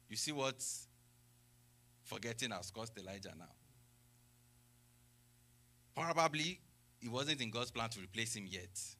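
A man's voice: medium pitch, lively intonation, a little slow, pauses often, pushed and bright. A man preaching a sermon who reads scripture aloud and explains it with rhetorical questions and exclamations of praise.

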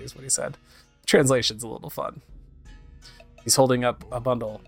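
A man's voice: medium pitch, brisk, vocal fry, a bit bright, faint music behind. A man giving casual let's-play commentary, describing what happens on screen and sometimes reading game dialogue aloud in put-on voices. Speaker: game streamer.

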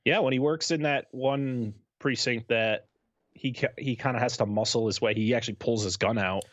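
A man's voice: medium pitch, moderate pace, no room sound. A man as a podcast guest, chatting casually and agreeably, thinking aloud. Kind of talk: casual chat. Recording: dull lo-fi sound.

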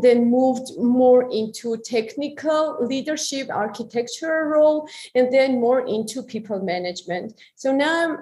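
A woman in her thirties with an Armenian accent, talking in a casual interview as a guest, friendly with slightly halting phrasing. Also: a little high, dark tone. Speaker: guest, engineering manager.

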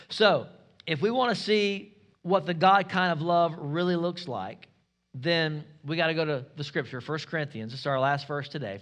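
A pastor preaching a sermon, emphatic and asking the congregation rhetorical questions. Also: male voice, fairly high pitch, fairly bright tone.

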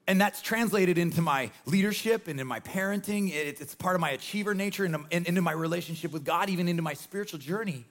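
Man, forties, pastor, sermon, very fast, slightly high voice, emphatic, energetic, faint music behind. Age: 40s. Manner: energetic, emphatic preaching with repeated refrains.

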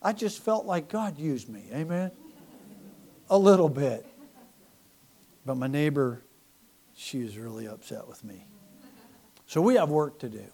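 Animated preacher man, loud and quiet by turns. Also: on the high side, measured pace, long pauses, slightly rough. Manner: mocking, sarcastic humor. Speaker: pastor. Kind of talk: sermon.

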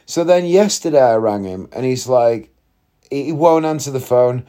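A man's voice: mid-range voice, lively intonation, normal speed, mellow. A man, telling a long story in a chatty, rambling way with wry asides. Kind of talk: casual storytelling monologue.

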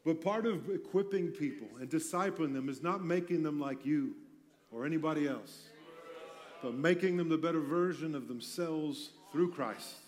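A man's voice: fairly high pitch, moderate pace. A man pastor giving a conversational sermon in a church, mixing teaching with self-deprecating jokes. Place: church sanctuary.

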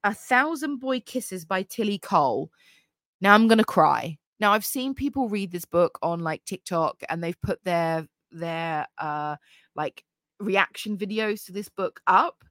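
On her solo podcast, a young host talks casually and enthusiastically about books, leaning heavily on fillers. Her medium-pitched voice is a bit bright and slow-paced, recorded in clean studio sound without echo.

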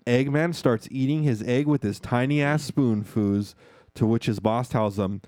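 A man hosts a casual, profanity-laced movie recap, tossing in quick acted-out lines and calling his listeners "foos." His voice sits in an ordinary middle range. The sound is dry and close, with no room around it. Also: medium pitch, a little mellow, no room sound. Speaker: podcast host.

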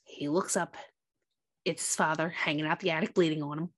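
A woman's voice: sits low, fairly quick. A woman co-hosting a podcast, retelling a movie's plot in casual chat and acting out the characters' lines. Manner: animated retelling, acts out quotes. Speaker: podcast co-host.

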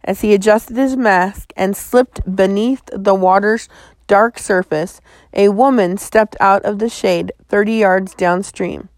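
A woman reading a children's novel aloud in a measured storytelling manner. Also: medium pitch, fairly even intonation, dry recording. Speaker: audiobook narrator.

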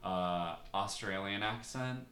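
A woman hosting a casual podcast, her voice bright and forward. She talks in a playful, giggly way, and the sound rings around an echoey room. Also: very deep voice, takes it slowly, a little hiss or hum. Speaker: podcast host.

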